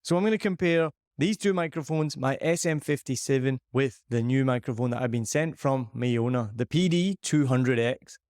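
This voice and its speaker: Hosting his podcast, a man from Scotland reviews a microphone at a moderate pace with hardly any pauses, his mid-range voice a little mellow. He's upbeat, chatty and self-deprecating. The audio is clean, studio-like and echo-free, captured by a boom-arm dynamic mic in a large, empty living room with shiny surfaces.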